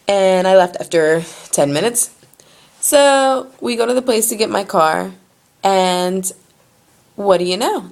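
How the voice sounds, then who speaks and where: Indignant young woman telling a story. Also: fairly low pitch. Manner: animated, indignant, profane. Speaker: vlogger. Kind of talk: storytelling to camera.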